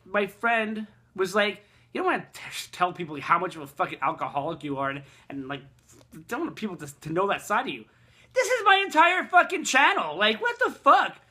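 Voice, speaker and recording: A man vlogging a casual, rambling rant, swearing heavily and excitably. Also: sits high.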